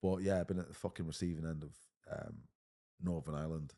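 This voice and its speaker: A man's voice: rumbling low, fairly even intonation, fast, mellow. A man in his thirties with an English accent, talking bluntly as a podcast guest, swearing often and saying mate a lot. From England. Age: 30s. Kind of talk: casual conversation.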